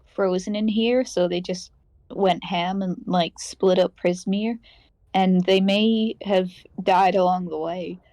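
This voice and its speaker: A woman's voice: on the low side, fairly even intonation, mellow, no room sound, low-quality recording. A woman playing a character in a tabletop game, speaking hesitantly with many restarts. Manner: hesitant, halting. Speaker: player.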